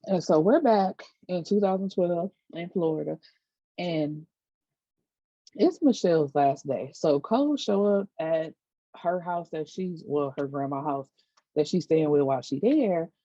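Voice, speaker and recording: A chatty, sassy woman retells a TV story in a casual vlog, slipping into slangy quotes. Her voice sits low and dark. The recording is dry and a little dull. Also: animated, unhurried, no echo. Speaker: book and TV recap vlogger.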